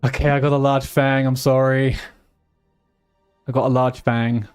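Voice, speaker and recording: Chatty male game streamer, mid-pitched. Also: flat delivery, measured pace, smooth, soft background music. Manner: chatty, joking, mutters and swears at the game. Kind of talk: casual live-stream chat while gaming.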